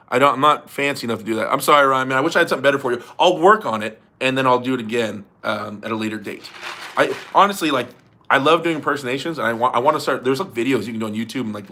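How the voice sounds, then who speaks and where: A young man hosts a livestream in loose, easygoing chat, cursing and laughing as he goes. His voice is bright and forward. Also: medium pitch. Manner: loose, swears often, laughs a lot. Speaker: livestream host reading super chats. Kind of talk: casual chat.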